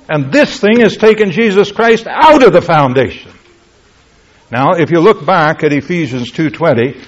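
A male preacher with a somewhat high voice teaches from Scripture in an emphatic, explanatory way. He often checks in with the listeners through rhetorical questions. The recording sounds muffled and lo-fi. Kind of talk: Bible teaching sermon.

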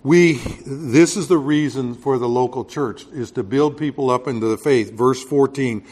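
A man from Texas preaching a Bible sermon in a conversational way, growing loud and emphatic on key points. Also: mid-range voice, moderate pace, few pauses. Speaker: pastor.

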